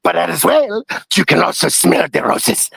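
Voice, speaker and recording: A man's voice: high-pitched, big pitch swings, measured pace, creaky, fairly bright tone, slightly rough, dry recording, heavily acted. A man voicing a flirty, silly male turtle acting as a tour guide, squealing and repeating himself. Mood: goofy. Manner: squealing, repeats words, goofy.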